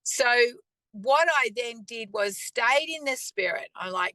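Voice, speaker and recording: Earnest woman with a bright, dry voice. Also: fairly high pitch, expressive, no echo, rough recording. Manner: earnest and conversational, with pauses and throat clearing. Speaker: faith speaker. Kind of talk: personal testimony talk.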